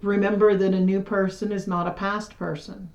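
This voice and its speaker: A woman doing a casual tarot reading, chatty and self-deprecating, her voice still a little hoarse after losing it. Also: medium pitch, flat delivery, normal speed, a little mellow, echoey room. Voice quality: slightly hoarse, recovering from lost voice. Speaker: tarot reader. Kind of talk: casual tarot reading, reading card texts aloud.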